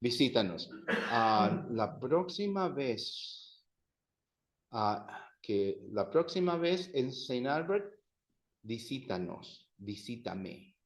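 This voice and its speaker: A man's voice: medium pitch, sing-song, slow, echoey room, low-quality recording. A man teaching a language class, patiently repeating phrases for his students to drill. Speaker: Spanish teacher.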